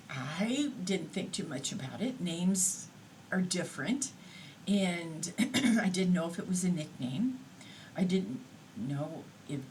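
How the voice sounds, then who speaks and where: A woman giving a recorded lecture in an unhurried, explanatory way, pausing on fillers now and then. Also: fairly low pitch, slight background noise, rough recording.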